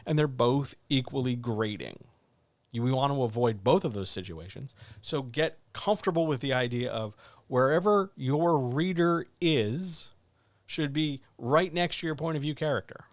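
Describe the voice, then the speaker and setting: A man's voice: mid-range voice, animated, moderate pace, no echo. A man hosting a casual writing chat, teaching with blunt, wry emphasis and lots of repetition. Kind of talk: casual instructional talk.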